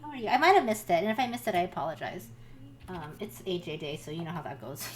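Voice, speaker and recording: A young woman co-hosting a casual art study stream, chatty, full of ums and quick laughs. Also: fairly low pitch, expressive.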